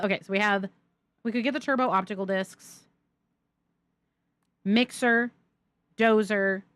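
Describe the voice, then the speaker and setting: A woman's voice: mid-range voice, no echo. A young woman streamer giving chatty, giggly live commentary while playing a game. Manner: chatty, giggly, thanks chat excitedly.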